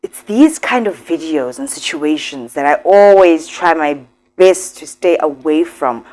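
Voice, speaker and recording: A woman's voice: low voice, lively intonation, unhurried, a little mellow. A woman hosting a commentary vlog, talking emphatically and straight to her viewers. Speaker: commentary host.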